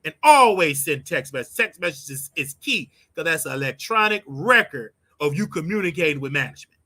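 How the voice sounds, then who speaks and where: Blunt high-voiced man ranting advice. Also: animated, a little fast, sharp tone. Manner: blunt, preachy, repeats his points for emphasis. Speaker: show host. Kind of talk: casual advice rant.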